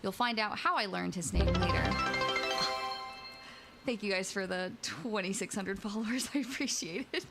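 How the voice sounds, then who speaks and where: A woman's voice: mid-range voice, normal speed, creaky, over loud music. Giggly young woman streamer reading stories. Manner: playful, giggly, exclamatory. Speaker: VTuber streamer and host. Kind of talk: casual stream chat and story reading.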